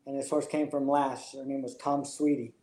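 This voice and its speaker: A man's voice: medium pitch, little pitch movement, moderate pace, warm tone, reverberant, low-quality recording. A man, a jockey, telling his story in an interview in a reflective, emotional way. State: choked up. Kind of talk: interview answers.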